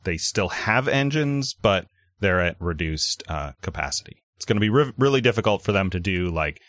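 A man running a tabletop role-playing game as game master, talking in halting bits full of fillers and restarts. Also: low voice, animated, a bit bright, no room sound, studio quality.

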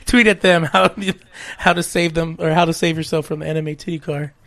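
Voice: medium pitch, steady tone, a little fast, vocal fry, fairly bright tone. A podcast co-host chatting casually and playfully, often laughing between lines. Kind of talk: casual chat.

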